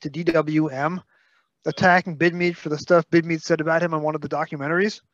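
A man's voice: a little high, level tone, quick pace, a bit bright, no echo, dull audio. A man with a Brooklyn accent co-hosting a podcast, full of detailed facts and playful scolding. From Brooklyn, New York. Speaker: podcast co-host. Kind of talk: casual podcast chat.

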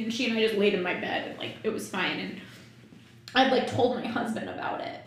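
A woman's voice: medium pitch, brisk. Candid woman in an echoey room. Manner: frank, swears freely, laughs often. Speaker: podcast guest. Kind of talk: candid personal storytelling. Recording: very echoey room, faint noise.

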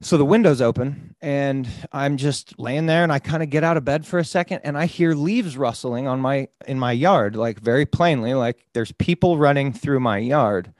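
A podcast host telling a story in casual conversation, animated and swearing freely, often saying "dude". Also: male voice, medium pitch, normal speed, few pauses, no echo.

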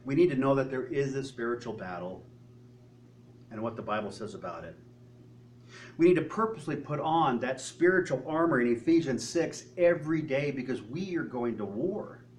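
A man's voice: medium pitch, animated, normal speed, a little mellow. A male pastor preaching a sermon in an earnest manner, asking the congregation many rhetorical questions. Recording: distant mic with faint hum.

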